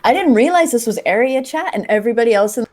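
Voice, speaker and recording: A woman's voice: a little high, lively intonation, quick pace, darkish tone. A woman co-hosting a podcast with a voice that swings up and down a lot. She tells her stories with wry humour and breaks into laughter easily. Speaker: podcast co-host. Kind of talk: casual chat.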